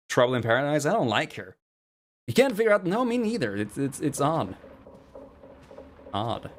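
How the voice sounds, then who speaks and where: A man's voice: on the high side, very animated, a little slow, pauses often. Sarcastic male game streamer. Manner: sarcastic, chatty asides. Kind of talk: live gameplay commentary.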